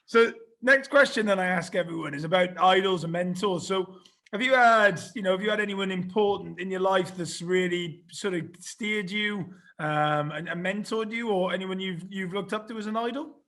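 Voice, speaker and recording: Bright high-voiced podcast host. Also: male voice, moderate pace. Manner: friendly, chatty, calls guest mate. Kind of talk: casual podcast interview.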